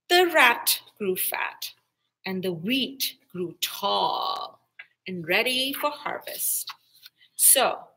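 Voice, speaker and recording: A woman librarian reading a picture-book story aloud to children, slow and expressive. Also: on the high side, low-quality recording.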